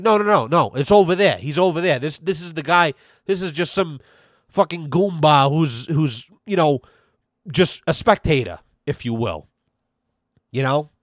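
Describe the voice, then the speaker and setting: A man hosting a podcast, ranting in a loose, profane, animated way about weddings and the summer heat. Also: fairly high pitch, no room sound, studio quality. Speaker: podcast host. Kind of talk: casual rant.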